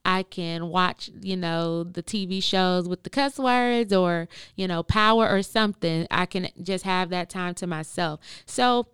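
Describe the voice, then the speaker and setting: A woman's voice: fairly low pitch, measured pace, hardly any pauses, fairly bright tone, clean tone, dry recording, studio quality. A woman in her thirties hosting a podcast, chatty and playful, laughing often. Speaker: podcast host. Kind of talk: casual chat.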